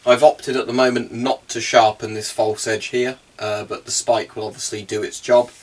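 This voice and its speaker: A man's voice: medium pitch, little pitch movement, normal speed. A man casually showing off and explaining a homemade weapon in a rambling, chatty way, with plenty of ums, indoors at home. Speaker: hobbyist weapon maker. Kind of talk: casual show-and-tell vlog. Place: indoors at home, low-ceilinged room.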